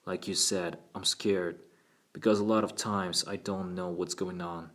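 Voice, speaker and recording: Man voicing a scared eight-year-old boy, timid and halting, on a deep voice. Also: fairly even intonation, fairly bright tone.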